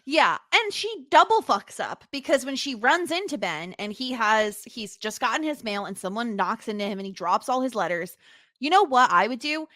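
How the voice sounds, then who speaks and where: A woman's voice: a little high, animated, normal speed, bright, forceful tone, no echo, clean studio sound. A woman co-hosting a podcast, casually recapping a TV episode and retelling scenes in an exasperated way. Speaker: podcast co-host.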